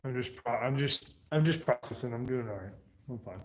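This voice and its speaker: A man's voice: mid-range voice, a little fast, a little hiss or hum. A man livestreaming, rambling loosely and swearing as he answers his chat. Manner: profane.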